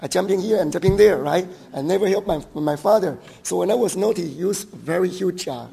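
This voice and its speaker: Man, Taiwanese accent, pastor's sermon, gravelly, dark husky tone, long hall reverb. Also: high-pitched, brisk. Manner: storytelling, rising to emphatic rhetorical questions.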